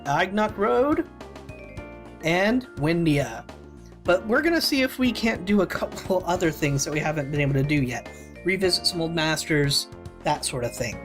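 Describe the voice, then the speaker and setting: A woman's voice: on the low side, lively intonation, moderate pace, faint music behind. A woman streamer giving casual let's-play commentary, laughing and correcting herself as she goes.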